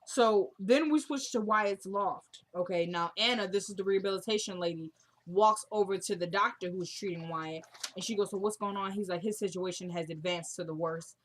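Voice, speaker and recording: A woman's voice: mid-range voice, moderate pace. A young woman casually recapping a TV drama episode, retelling scenes and quoting the characters in a chatty way.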